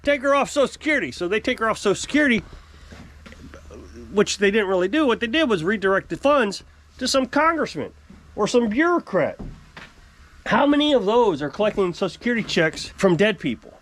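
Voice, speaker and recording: A man's voice: high-pitched, fairly quick, pauses often, slight background noise. A middle-aged man hosting his own channel, ranting in a casual, opinionated way and putting on voices when he quotes people. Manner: animated, opinionated, mimics voices when quoting. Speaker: channel host. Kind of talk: casual political vlog rant.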